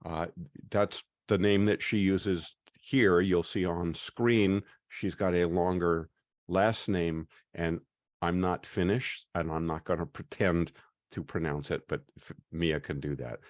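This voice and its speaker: Male host, deep voice, easygoing and welcoming, online class on a video call. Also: steady tone, no echo, clean studio sound. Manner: chatty, welcoming, often pauses with "uh".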